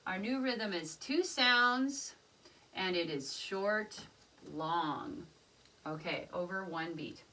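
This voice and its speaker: A woman music teacher talks very slowly through a rhythm lesson. She sings short phrases and then speaks out the rhythm syllables in a lively voice that swings widely. The recording is distant, with loud background noise. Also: mid-range voice. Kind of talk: rhythm lesson with sung examples.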